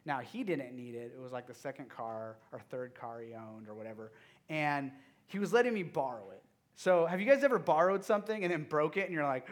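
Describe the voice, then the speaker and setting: A man in his thirties, a youth pastor giving a casual, story-driven sermon to a youth group. He talks in an animated, chatty way, with plenty of fillers and restarts. His voice sits a little higher than most men's. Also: a little fast.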